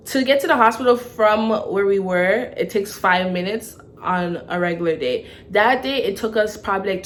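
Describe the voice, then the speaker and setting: A young woman tells a story to her vlog viewers in a lively way, often asking "okay?". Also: mid-range voice, a little hiss or hum. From Toronto, Canada. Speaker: vlogger.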